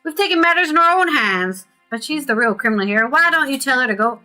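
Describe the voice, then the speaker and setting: A woman's voice: lively intonation, fast talker, sharp tone, faint music behind. A woman reading as a defiant armored rebel woman. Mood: indignant. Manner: read aloud from game text, raised pitch.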